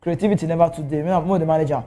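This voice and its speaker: A man with a Nigerian accent talking football as a TV pundit, animated and excitable. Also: very fast. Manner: animated, excitable, swings pitch. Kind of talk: TV football commentary in Pidgin. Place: TV studio.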